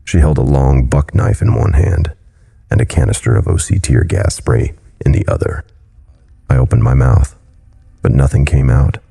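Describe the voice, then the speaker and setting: Dark husky guy reading a scary story slow and grave. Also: extremely low pitch. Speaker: horror story narrator. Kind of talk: scripted horror narration. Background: faint music.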